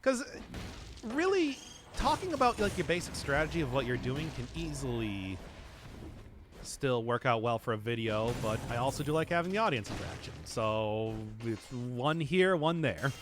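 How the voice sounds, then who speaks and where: A man's voice: medium pitch, very animated, normal speed, noisy background. A man chatting casually to his viewers while playing a game, rambling and chuckling often as he answers chat. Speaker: streamer. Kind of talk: casual live-stream commentary while gaming.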